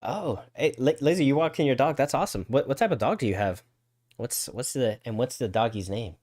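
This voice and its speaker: A man's voice: mid-range voice, brisk, a little mellow, dry recording, studio quality. A man co-hosting a live podcast, chatting casually and repeating words as he talks. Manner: chatty, stammers and repeats words, reads chat aloud. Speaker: podcast co-host. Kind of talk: casual live-stream chat.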